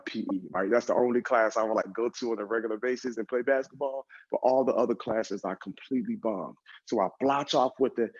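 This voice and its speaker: Husky-voiced man telling a motivational story. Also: medium pitch. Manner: animated, conversational, addresses the audience directly. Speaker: motivational speaker. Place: event stage. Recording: dull lo-fi recording.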